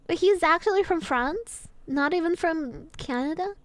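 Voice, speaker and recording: A woman's voice: very high voice, lively intonation, normal speed, no room sound. A woman streamer chatting casually as she reacts to a video, laughing often and swearing freely.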